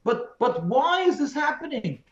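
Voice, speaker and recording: A man's voice: very high-pitched, very animated, unhurried. Impassioned man on a roomy call. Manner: emphatic, pleading, with repeated phrases and restarts. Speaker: rabbi, interview guest. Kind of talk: impassioned interview answers. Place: remote call from home. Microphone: video call. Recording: roomy, dull video-call audio.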